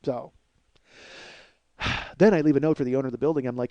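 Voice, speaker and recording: A man hosting a comedy podcast, delivering a profane, exasperated rant that swings between loud outbursts and low muttering. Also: steady tone, fast talker, no room sound, dull audio. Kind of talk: ranting comedic monologue.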